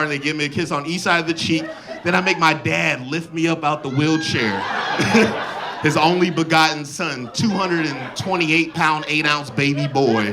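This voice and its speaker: A man in his thirties performing a stand-up comedy set with an animated, playful, slangy delivery on a handheld mic. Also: on the high side, background noise. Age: 30s. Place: comedy club stage with audience laughter. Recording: loud live crowd laughter.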